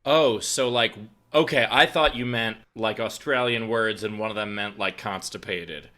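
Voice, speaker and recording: Bright-voiced man, hesitant. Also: fairly low pitch, moderate pace. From United States. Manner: hesitant, answers with fillers. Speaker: podcast co-host. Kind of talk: casual comedic chat.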